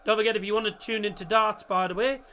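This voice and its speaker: Male watchalong host, bright and forceful, casual commentary with plenty of rambling asides to viewers. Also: sits high, fairly even intonation, fast, a little hiss or hum. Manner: chatty and rambling, corrects himself, chats with viewers. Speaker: host of a football watchalong stream. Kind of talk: casual live match commentary.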